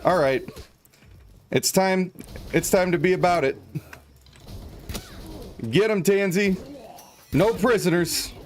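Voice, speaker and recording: A man streaming a video game, chatting in a jokey, rambling, playful way. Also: fairly high pitch. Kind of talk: casual live game commentary.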